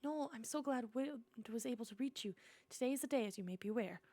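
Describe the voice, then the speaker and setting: A woman voicing an old, wise stone elder in a cozy game, speaking slowly and soothingly in a hushed voice. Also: a little high, animated, no room sound.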